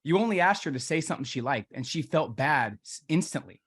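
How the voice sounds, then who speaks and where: A man's voice: fairly high pitch, animated, a little fast, a bit bright, slightly rough. A man hosting a podcast interview, talking in an enthusiastic, reflective way. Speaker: podcast host. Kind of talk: interview conversation.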